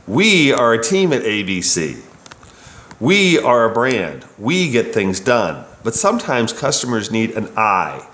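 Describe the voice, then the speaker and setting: A man's voice: medium pitch, very animated, unhurried, a bit bright. A bike shop service writer reading his own work story in a wry, opinionated way. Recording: roomy echo.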